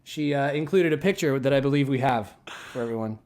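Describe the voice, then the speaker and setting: A man's voice: medium pitch, fairly quick, darkish tone. A young man co-hosting a live show, reading fan mail aloud and stumbling over words. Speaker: co-host. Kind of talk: casual live-show banter.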